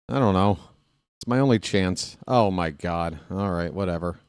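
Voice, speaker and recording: A man's voice: deep voice, fairly even intonation, a little slow, darkish tone, clean tone, no room sound, clean studio sound. A man hosting a live stream, chatting casually and trash-talking his opponent in a playful way.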